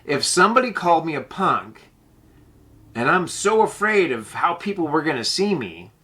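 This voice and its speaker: A man host telling a personal story in a casual, blunt way, swearing freely and slowing down to stress his points. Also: on the high side, big pitch swings, pushed and bright. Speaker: podcast host.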